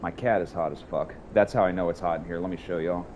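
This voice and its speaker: A man streaming a game from his hot room at home, talking excitedly and with a lot of swearing to his chat. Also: deep voice, fast, slight background noise. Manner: excited, profane, chatty with chat. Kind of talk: casual livestream chat.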